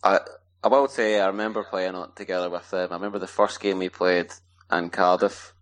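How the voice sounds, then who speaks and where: Very deep-voiced man, relaxed. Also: fairly quick. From Scotland. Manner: relaxed, rambling, lots of fillers. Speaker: guest ice hockey player. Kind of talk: casual podcast interview.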